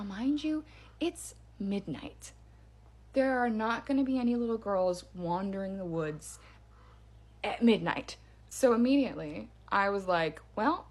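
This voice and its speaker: A woman recounting a creepy night in a casual storytime voice. She keeps it hushed and dramatic, with plenty of little ums along the way. Her pitch sits in an ordinary middle range. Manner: hushed, dramatic, with many fillers.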